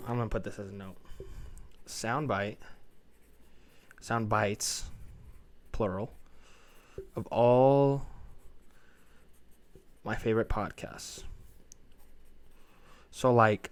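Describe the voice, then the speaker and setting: A young man hosting a podcast from his room at home, talking in a rambling, hesitant way with a self-described monotone delivery. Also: mid-range voice, takes it slowly, long pauses. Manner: rambling and hesitant, many fillers and restarts; self-conscious, says his voice sounds monotone. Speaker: podcast host. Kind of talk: casual solo podcast monologue. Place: home room with parents down the hallway.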